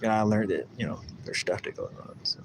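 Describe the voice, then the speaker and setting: A man's voice: on the low side, fairly quick, background noise. A man hosting a casual livestream, rambling through a story and acting out the voices of the people in it. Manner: rambling, animated, acts out quoted voices. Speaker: livestream host. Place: outdoors at a lake.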